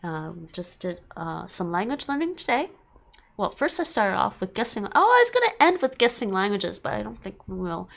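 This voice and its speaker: A woman's voice: mid-range voice, big pitch swings, moderate pace, gravelly. A woman streamer in casual end-of-stream chat, rambling, repeating herself and laughing often.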